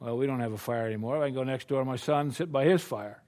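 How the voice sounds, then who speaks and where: A man's voice: medium pitch, fast talker, darkish tone. An older American man preaching a sermon in a folksy, conversational way, full of rhetorical questions. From United States.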